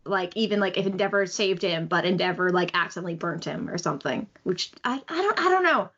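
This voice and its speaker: A woman's voice: on the low side, animated, fast talker, fairly bright tone. A woman co-hosting a podcast, rambling eagerly in casual fan discussion. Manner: enthusiastic, rambling with many fillers. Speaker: podcast co-host. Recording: dull lo-fi audio.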